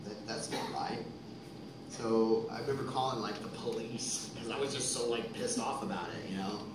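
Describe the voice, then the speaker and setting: A man's voice: lowish voice, normal speed, background noise. Profane man telling stories on a live stage. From Texas. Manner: profane, rambling, worked up. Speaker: musician telling a story on stage. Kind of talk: storytelling between songs at a live show. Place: concert venue, live audience. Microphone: stage microphone. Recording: echoey live concert recording from far off.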